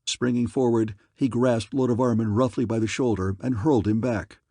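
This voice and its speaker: A man narrating an adventure novel as an audiobook in a measured, even way. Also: medium pitch, no room sound, studio quality.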